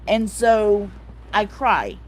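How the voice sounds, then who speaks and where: Slow-talking emotional woman livestream host. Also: mid-range voice, lively intonation. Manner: soft-hearted, emotional, reads out chat comments; repeats herself, fillers like "like" and "um". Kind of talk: casual live-chat talk.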